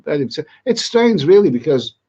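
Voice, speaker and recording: A man's voice: a little high, very animated, normal speed, warm tone, slightly rough, muffled recording. A man hosting a live stream, chatting to viewers in a rambling way, often repeating himself and restarting his words. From Britain. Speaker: travel vlogger hosting a live chat. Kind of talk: live-stream chat, reading viewer comments.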